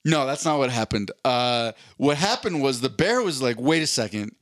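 A man tells a profane story on a podcast. His pitch swings widely as he acts out the characters in it. The sound is dry and close, with no room echo. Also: lively intonation, moderate pace, fairly bright tone. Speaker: podcast co-host. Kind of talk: casual storytelling chat.

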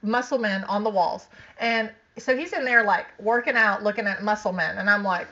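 A woman on a podcast telling a story in a casual, animated way, laughing often and acting out what people said. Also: medium pitch, moderate pace. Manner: animated, laughing, frequent "like", acts out quotes. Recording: dull lo-fi sound.

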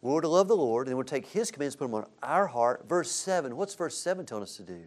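A man's voice: mid-range voice, sing-song, fast. A man teaching a Bible class to a church group, asking the room questions and answering them as he goes. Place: church classroom with a live audience.

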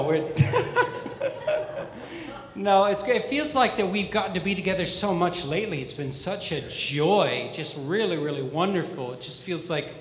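A man from the American Midwest preaching a sermon as pastor, upbeat, joking and conversational with his church. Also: on the high side. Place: church auditorium. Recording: echoey hall with long reverb.

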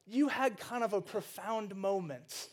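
A man preaching with a fairly high voice, talking to his congregation in a loose, conversational way. He steps in and out of acted dialogue, restarting phrases as he builds his point. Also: a little slow. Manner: animated, conversational, with frequent restarts and asides.

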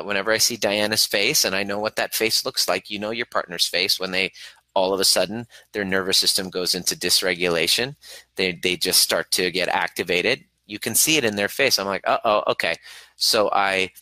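A man's voice: deep voice, steady tone, moderate pace, no room sound, rough recording. A middle-aged man giving an earnest coaching talk on relationships, acting out examples as he goes. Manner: earnest, coaching, acts out examples in a soft cooing voice. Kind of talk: motivational talk to camera.

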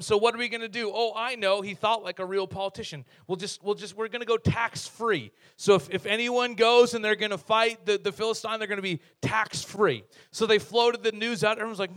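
Male pastor, fairly high voice, casual and jokey, sermon delivery. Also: brisk, hardly any pauses. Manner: lively, conversational, humorous storytelling.

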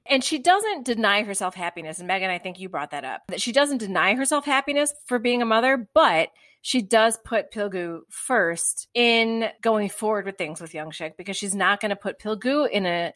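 A woman's voice: mid-range voice, a bit bright, no room sound. A woman in her thirties, a mother, co-hosting a podcast with a dry, joking way of talking. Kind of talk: casual podcast chat.

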